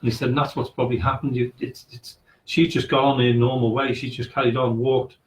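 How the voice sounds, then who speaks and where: A man's voice: medium pitch, flat delivery, quick pace, a little hiss or hum. A man, a guest on a radio show, telling a ghost story in a rambling way and acting out what each person said. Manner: acts out quoted dialogue, rambling. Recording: echoey room.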